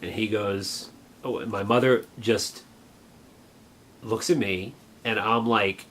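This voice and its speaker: A middle-aged man reminisces in a somewhat low voice, earnest and reflective. He speaks haltingly, circling back and restarting his thoughts, over faint background noise. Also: steady tone, fairly bright tone. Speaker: vlogger. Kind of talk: personal reminiscence.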